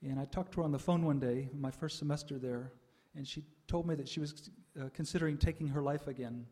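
An older man giving a reflective personal testimony to an audience, pausing often with "uh" and soft laughs. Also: on the high side. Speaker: speaker sharing a spiritual life story.

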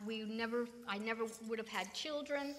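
A woman's voice: a little high, normal speed, a bit bright. An older woman from California giving an emphatic spiritual talk to an audience. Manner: emphatic, preaching. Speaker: spiritual teacher. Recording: long hall reverb.

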